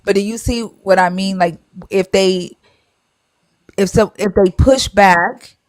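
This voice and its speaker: A woman's voice: medium pitch, steady tone, takes it slowly, dry recording, studio quality. A woman hosting a live stream, bluntly arguing and retelling scripture in casual slang with swearing.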